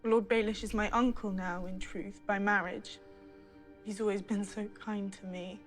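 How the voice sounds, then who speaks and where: An actress playing a composed, guarded young noblewoman in a television drama, speaking softly and carefully. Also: medium pitch, steady tone, moderate pace, faint music behind, natural voice. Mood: earnest.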